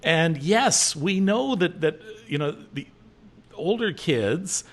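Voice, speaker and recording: A man hosting a podcast, chatting casually with his guest, thinking out loud and reading out listener comments. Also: a little high, expressive, takes it slowly. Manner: chatty, sounds out ideas aloud, reads listener comments. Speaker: podcast host. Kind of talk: casual interview chat.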